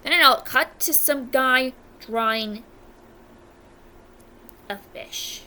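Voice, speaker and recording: A woman's voice: high voice, very slow, bright, forceful tone. A young American woman doing casual ranking commentary on a video, blunt and exasperated, often stopping to correct her own words. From United States. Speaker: video reviewer.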